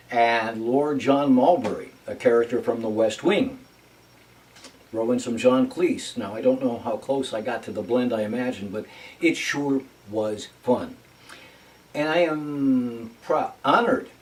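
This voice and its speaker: A man's voice: medium pitch, a little mellow. Brief: male vlog host and actor, casual and wry, sits back from the mic. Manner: chatty, wry asides. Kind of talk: casual personal update. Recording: voice from a distance off mic.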